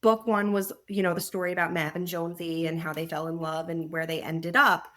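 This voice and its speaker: A woman author being interviewed on a podcast, telling anecdotes in an animated way and laughing as she talks. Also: fairly low pitch, brisk. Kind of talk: conversational interview.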